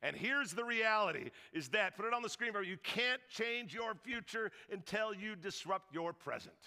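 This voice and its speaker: A man's voice: high-pitched, expressive, moderate pace, sharp tone, big-room sound. A man pastor preaching a sermon, telling stories animatedly and acting out other people's voices with jokes.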